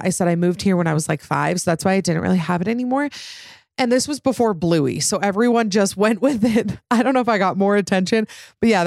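A woman in her thirties hosting a podcast, chatting casually and reading out listener stories with animated, quick asides. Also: lowish voice, creaky, no echo, clean studio sound. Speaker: podcast host.

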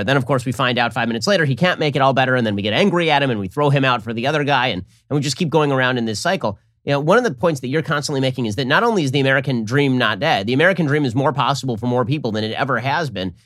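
Rapid-fire, lively male podcast host. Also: medium pitch, dry recording, clean studio sound. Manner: rapid, argumentative delivery. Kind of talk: podcast interview.

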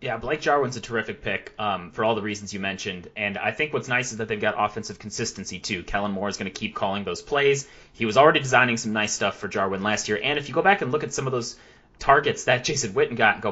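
A man hosting a podcast, brisk and analytical as he breaks things down. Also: on the low side, sharp tone, slightly rough, lo-fi sound. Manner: brisk, analytical, quick delivery. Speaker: podcast host. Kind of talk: casual podcast chat.

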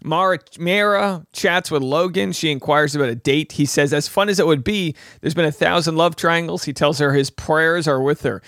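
A man in his thirties hosting a podcast, recapping a reality show with rambling jokes and quick mock voices for quotes. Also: on the high side, a bit bright, dry recording, clean studio sound.

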